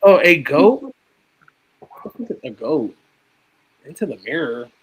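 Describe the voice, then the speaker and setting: A man's voice: on the high side, sing-song, slow pace, slightly rough, low-quality recording. A young man hosting a live stream, chatting casually about horror movies and swearing freely. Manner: laid-back, swears freely.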